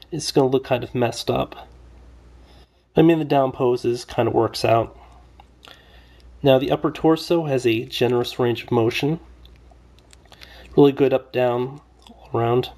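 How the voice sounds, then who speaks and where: A man with a gravelly, fry-tinged voice talks through a toy review in an easy, meandering way. He pitches at an ordinary middle height and keeps stopping for fillers and asides, with a wry, mildly complaining edge. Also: darkish tone. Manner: rambling, loose, lots of fillers. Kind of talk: casual toy review vlog.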